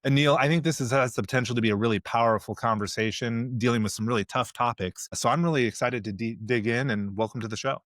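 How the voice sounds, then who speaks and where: A man's voice: mid-range voice, fast talker, hardly any pauses, a bit bright, no room sound. Reflective male podcast host, dry sound. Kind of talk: interview hosting.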